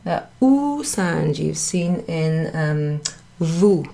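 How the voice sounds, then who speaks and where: A woman's voice: low voice, very animated, very slow, creaky, dark tone. A woman teaching a beginner French lesson in a chatty way, correcting herself and laughing at her own slips. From United Kingdom. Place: indoor room at a pub.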